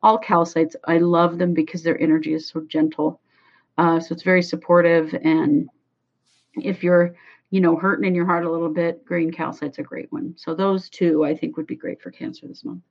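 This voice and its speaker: Woman, lowish voice, relaxed and gentle, dull lo-fi audio. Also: normal speed. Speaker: crystal advisor, co-host. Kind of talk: casual livestream chat.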